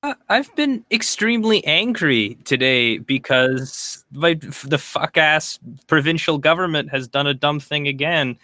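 A man's voice: a little high, animated, pushed and bright, no room sound. A young man from Canada co-hosting a podcast, ranting in casual chat with fillers and swearing. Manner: rambling, swearing, halting with fillers. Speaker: podcast co-host.

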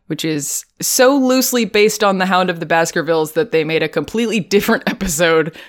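A woman's voice: on the low side, a little fast. Woman podcast host, casual and giggly, chatty delivery. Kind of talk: casual chat.

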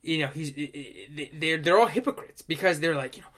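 A man co-hosting a podcast, chatting casually about films and acting out lines in loud voices. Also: on the high side, brisk. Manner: animated, quotes movie lines in loud put-on voices, swears often. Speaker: podcast co-host. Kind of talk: casual film chat.

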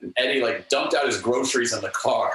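A man guest telling anecdotes in an interview with an earnest, animated manner, acting out what others said. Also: medium pitch, fast. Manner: animated, earnest, acts out quotes. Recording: echoey room, distant mic, faint ambience.

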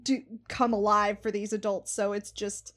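A woman's voice: medium pitch, flat delivery, moderate pace, fairly bright tone. A woman co-hosting a podcast, chatting casually about a horror film and retelling its scenes with enthusiasm. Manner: enthusiastic, recounts scenes with quoted lines. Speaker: podcast co-host.

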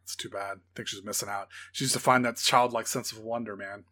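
A man's voice: fairly low pitch, fairly even intonation, quick pace, pushed and bright. A man co-hosting a podcast, chatting casually and enthusiastically about films, teasing his co-host and laughing easily. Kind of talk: casual film chat.

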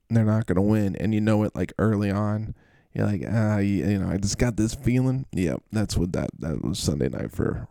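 A man's voice: fairly low pitch, gravelly, mellow, no room sound. A man hosting a fantasy football show, breaking down matchups in a playful, teasing and theatrically gushing manner. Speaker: podcast host.

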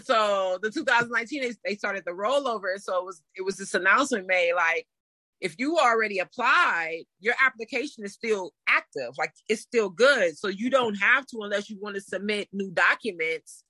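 A woman in her thirties telling a story in a casual interview, animated and laughing as she acts out what people said. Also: mid-range voice, normal speed, no echo. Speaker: interview guest.

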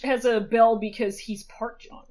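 A woman's voice: a little high, moderate pace. A woman co-hosting a podcast, casually recapping an episode with lots of swearing. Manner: swears freely, animated retelling. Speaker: podcast co-host.

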